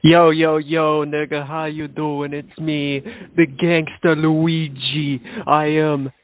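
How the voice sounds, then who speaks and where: Man doing a flat, slow, swaggering gangster voice, dry tinny sound. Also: fairly high pitch, no echo, pitched below the performer's own voice. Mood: boastful. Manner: slow, boastful slang.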